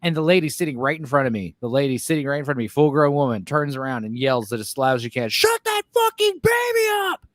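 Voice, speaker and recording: Excitable man telling a story. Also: medium pitch, fast, few pauses, no room sound. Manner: excited storyteller, acts out voices, says "dude" and "like". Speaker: guest. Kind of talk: casual film chat.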